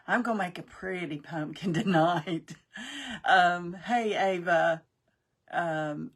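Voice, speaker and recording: Chatty woman with a gravelly voice. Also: medium pitch. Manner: chatty, greets viewers by name, rambling. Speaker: craft livestream host. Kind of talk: casual live-stream chat.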